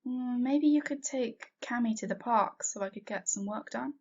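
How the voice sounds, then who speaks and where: A woman voicing a kind, motherly aunt in a storybook reading, speaking in a gentle, reassuring way. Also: on the high side, moderate pace, husky, lo-fi sound, voice pushed up.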